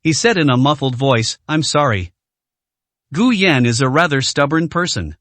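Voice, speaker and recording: A man's voice: a little high, expressive, normal speed, fairly bright tone, no room sound. A man narrating a translated romance story in a scripted storytelling style.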